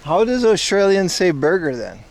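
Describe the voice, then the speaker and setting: This livestream host strolls city streets outside, chatting loosely and trading jokes with viewers in a rambling way. He has a high, creaky, very animated voice at a moderate pace.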